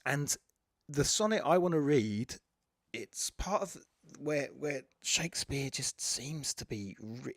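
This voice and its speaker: A man's voice: mid-range voice, dry recording, clean studio sound. A man hosting a podcast, talking through poetry in a casual, digressive way, with fillers and self-corrections. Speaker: podcast host. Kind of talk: casual spoken lecture on poetry.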